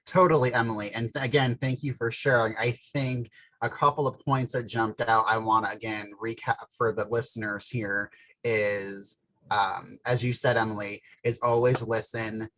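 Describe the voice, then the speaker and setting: A man's voice: medium pitch, fairly even intonation, normal speed, fairly bright tone, low-quality recording. A young man moderating a panel discussion on a video call, speaking casually and using lots of fillers. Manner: casual, filler-heavy speech.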